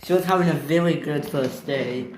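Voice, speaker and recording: A narrator telling an improvised toy-train story with halting, self-correcting narration. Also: mid-range voice. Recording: echoey room with noisy background.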